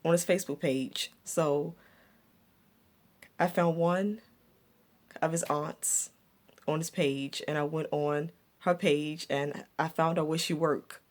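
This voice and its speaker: A woman's voice: deep voice, fairly even intonation, takes it slowly, long pauses. A woman vlogger telling a personal story from her past in a reflective, repetitive way, with stumbling restarts. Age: adult looking back on her younger years.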